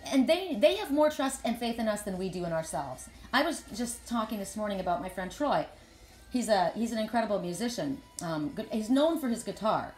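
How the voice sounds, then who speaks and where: A woman's voice: fairly high pitch, a little mellow. Rambling, earnest woman in an echoey room. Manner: earnest, rambling, repeats words when starting sentences. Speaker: spiritual reader and healer. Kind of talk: casual live chat to followers.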